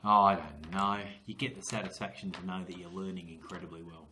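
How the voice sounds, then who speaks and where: A man's voice: sits low, fairly even intonation, brisk, background noise. Encouraging Australian man coaching young readers. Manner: encouraging, patient, matey coaching. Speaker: literacy teacher. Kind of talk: small-group reading intervention lesson. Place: classroom. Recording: roomy classroom echo.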